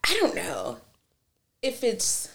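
Relaxed, chatty young woman co-host. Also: mid-range voice, slow pace, creaky. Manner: relaxed, chatty, uses lots of 'like' fillers. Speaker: podcast co-host. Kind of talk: casual chat.

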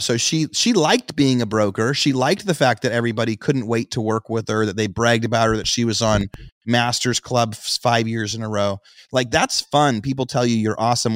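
A man's voice: mid-range voice, no room sound, clean studio sound. A man co-hosting a podcast, chatting casually and telling a rambling story, acting out other people's voices in it. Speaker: podcast co-host.

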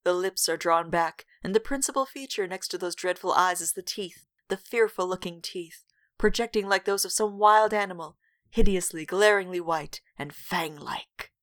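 A woman with a lowish, slightly bright voice at normal speed co-hosts a podcast. She reads a gothic novel aloud with dramatic weight, breaking in with wry jokes.

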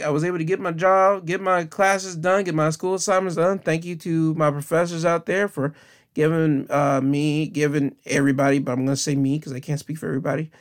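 Rambling young man hosting a podcast. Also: fairly high pitch. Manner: rambling, restarts often, earnest and encouraging. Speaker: podcast host. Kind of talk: casual solo podcast sign-off.

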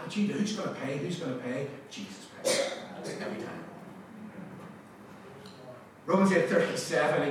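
A male pastor giving a sermon, telling stories with lively acted-out quotes and laughter. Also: fairly high pitch, noisy background. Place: large church hall. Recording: echoey church hall from a distance.

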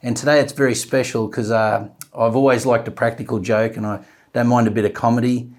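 A man's voice: mid-range voice, steady tone, fairly quick. A man hosting a podcast, asking friendly, matey questions in casual chat. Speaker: podcast host.

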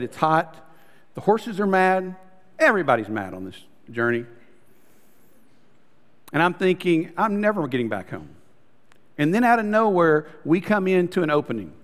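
Guy preaching a sermon, kinda high voice, telling stories, goes soft and close at times, big hall echo. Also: animated, moderate pace. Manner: storytelling preacher, addresses crowd as guys, drops to soft intimate tones. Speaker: pastor.

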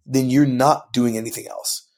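A man's voice: medium pitch, fairly even intonation, normal speed, darkish tone. A young man from California, a band singer guesting on a podcast, talking in a laid-back slangy way full of "dude" and "like". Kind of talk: casual podcast conversation.

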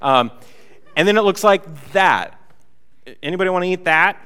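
A man's voice: high voice, lively intonation, normal speed, sharp tone, clean tone, big-room sound. A man preaching a sermon as pastor, conversational and joking, with many fillers and restarts. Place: church hall.

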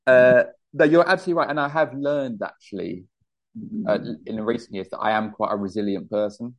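A man in his thirties, a stand-up comedian guest with a London accent, telling animated, self-deprecating stories in casual chat. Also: mid-range voice, a little fast. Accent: London English.

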